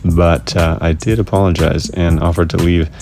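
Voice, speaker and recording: Low-voiced wry male vlog host. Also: little pitch movement, normal speed, creaky, over music. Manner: wry, self-mocking humor. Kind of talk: casual scripted vlog narration.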